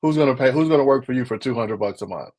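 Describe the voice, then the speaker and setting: A man in casual live-stream chat, animated and repeating himself when he makes a point. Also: mid-range voice, rapid-fire.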